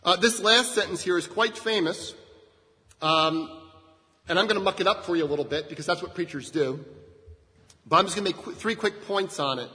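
A male pastor preaching a sermon in a conversational way, often checking in with listeners with a quick "right?" and leaning hard on key words. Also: sits high. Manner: conversational, frequent "right?" asides, lively shifts in emphasis. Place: church sanctuary. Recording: long reverb of a church hall.

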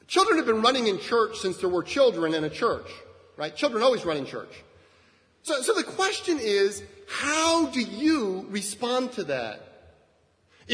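High-voiced male preacher in reverberant hall. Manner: conversational, frequent "right?" asides, lively shifts in emphasis. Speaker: pastor. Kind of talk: sermon. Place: church sanctuary. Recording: long reverb of a church hall.

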